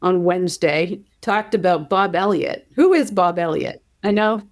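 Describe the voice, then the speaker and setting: A woman's voice: on the low side, expressive, normal speed. A woman from Europe co-hosting a podcast, mostly giving short replies and light teasing. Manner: brief agreeing interjections, light teasing. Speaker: podcast co-host. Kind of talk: casual chat.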